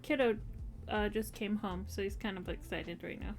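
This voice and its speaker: A woman's voice: medium pitch, steady tone, moderate pace, soft background music. A woman streaming at home as she crafts, chatting casually and coaxing her dog in a playful way. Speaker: crochet streamer. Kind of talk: casual chat while crafting.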